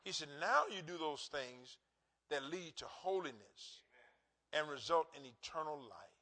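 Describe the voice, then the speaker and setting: A man preaching in church with a high, very bright, forceful voice. He swings widely up and down, calls on the congregation to answer back, jokes between points and breaks into shouts. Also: lively intonation, unhurried. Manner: emphatic call-and-response preaching with joking asides; bursts into shouts. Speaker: pastor. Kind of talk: sermon. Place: church sanctuary.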